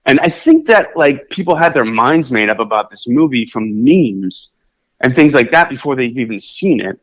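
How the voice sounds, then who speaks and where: A man co-hosting a podcast in casual chat, rambling and animated, with many fillers and restarts. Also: mid-range voice, normal speed. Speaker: podcast co-host. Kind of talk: casual chat about films. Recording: dull lo-fi podcast audio.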